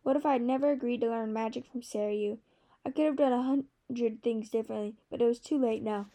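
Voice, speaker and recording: Woman narrating in a mellow voice. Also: a little high, fairly even intonation. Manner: measured, storytelling. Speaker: audiobook narrator. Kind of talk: scripted narration.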